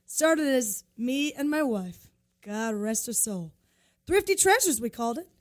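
A folksy old widower who runs a small junk shop, chatting with a customer in an improv comedy sketch, as a woman puts him on. The voice stays high and light. He speaks in homey, old-fashioned phrases. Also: lively intonation, a little slow. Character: old male thrift store owner, widower.

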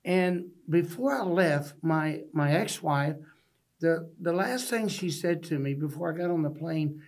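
A man's voice: on the high side, unhurried, gravelly, darkish tone. A man from Texas, a podcast guest telling stories in an earnest, folksy way. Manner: earnest, folksy storytelling with restarts. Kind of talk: storytelling interview. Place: podcast studio.

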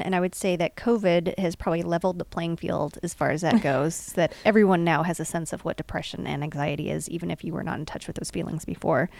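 A woman's voice: on the low side, gravelly, darkish tone, no echo. A woman hosting a casual chat, reading out book notes in an earnest, reflective way.

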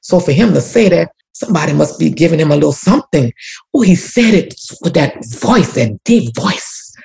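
A community activist appears as a guest and tells an emotional personal story, repeating herself and talking about prayer in a church-rooted testimony. Her low-pitched voice is animated, brisk and mellow, with vocal fry.

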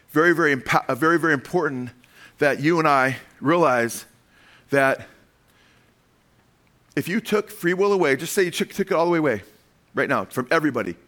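A man with a slightly raised voice delivers a sermon, pressing home each point with rhetorical questions. He tells his illustrations dramatically, swinging between hushed asides and bursts of emphasis. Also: a little high. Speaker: preacher.

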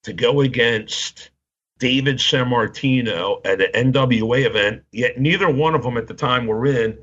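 A man's voice: mid-range voice, moderate pace, fairly bright tone. Rambling man telling wrestling stories. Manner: rambling, laughing, acts out quotes. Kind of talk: casual storytelling chat. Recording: dull lo-fi sound.

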